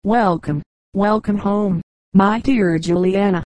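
A woman's voice: mid-range voice, steady tone, moderate pace, dark tone, no echo, lightly acted, low-quality recording. Doting tearful mother, as a woman reader puts her on. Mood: gushing. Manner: gushing, sobbing.

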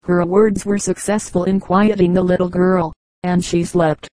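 A woman reading a collection of short humorous stories aloud as an audiobook narrator, in a steady storytelling manner. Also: lowish voice, a little slow, no room sound, low-quality recording. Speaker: audiobook reader. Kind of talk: scripted narration.

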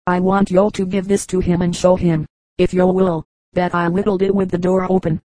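Reading the part of a poor mountain boy, a woman uses a flat, listless storybook voice with no passion in it. Her voice is lowish and lightly acted, at normal speed with no echo, and the mood is wistful.

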